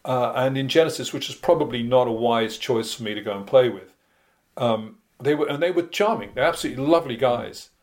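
A man's voice: mid-range voice, brisk, darkish tone. A man from Britain, a guest musician in a casual interview, telling anecdotes in a wry, self-deprecating way.

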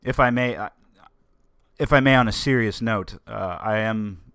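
An American man talks through his solo podcast in a loose, rambling way, tripping over words and starting sentences again. His voice sits a little low. The recording is dry and close, with no room sound. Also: normal speed, a bit bright, smooth, no room sound. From United States. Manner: rambling, stumbles and restarts often. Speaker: podcast host. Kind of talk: casual solo podcast chat.

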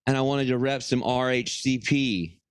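A man's voice: mid-range voice, moderate pace, clear, resonant tone, no echo, close to an everyday voice. A man playing a petulant grown son who swears and complains to his mother. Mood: whiny. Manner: swearing, whiny, defensive. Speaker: podcast co-host. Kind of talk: improvised comedy bit.

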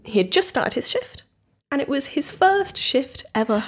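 A woman's voice: high-pitched, very animated, moderate pace. A woman hosting a true crime podcast, chatting casually and telling the story with acted-out quotes. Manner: chatty, laughs often, acts out quotes.

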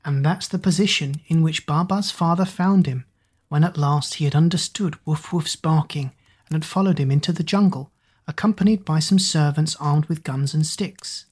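A woman gently reading a bedtime story aloud, soft and unhurried. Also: low voice, husky.

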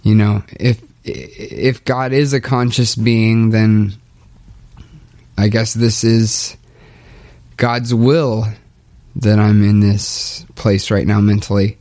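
A young man speaking a hesitant, halting confessional monologue, restarting often and sounding dejected. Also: fairly low pitch, little pitch movement, a little mellow. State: low and dejected. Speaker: podcaster documenting his spiritual journey.

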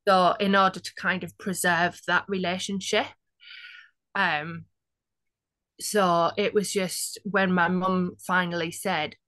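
A woman's voice: fairly low pitch, flat delivery, takes it slowly, a bit bright, no room sound. A woman telling her own story as an interview guest, chatty and casual, with quoted asides.

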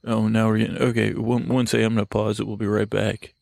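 A man hosting a comedy podcast outdoors by a lake, joking and rambling in an excitable put-on voice. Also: fairly low pitch, fast, creaky, few pauses, dry recording, clean studio sound. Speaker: podcast host.

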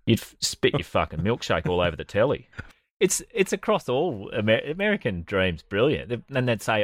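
A man's voice: fairly low pitch, big pitch swings, normal speed, dry recording, studio quality. A man co-hosting a comedy podcast, telling sardonic, profane stories in casual banter. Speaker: podcast co-host.

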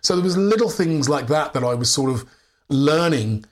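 Animated English man telling stories. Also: on the high side, normal speed. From England. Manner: animated storyteller, many restarts and laughs. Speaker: actor guest. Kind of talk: candid anecdotal interview talk.

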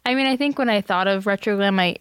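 A woman's voice: mid-range voice, quick pace, fairly bright tone, smooth. A young woman co-hosting a casual podcast, laughing easily and hesitating with "um" as she talks. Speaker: podcast co-host. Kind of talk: casual chat.

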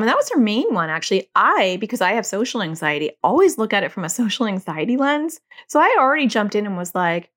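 A woman's voice: medium pitch, a bit bright. A middle-aged woman hosting a podcast, talking candidly and casually and acting out bits of dialogue with her kids. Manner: chatty, candid, acts out quoted dialogue with family. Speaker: podcast host and anxiety educator. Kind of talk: casual solo podcast talk.

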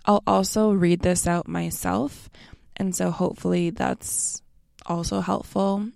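A young American woman explains a lesson in a slow, relaxed and friendly way. Her voice has a strong gravelly fry and a mellow, warm tone. The recording is close and dry. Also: on the low side, no room sound. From North America. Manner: slow, relaxed and friendly, addresses listeners as you guys. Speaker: language teacher.

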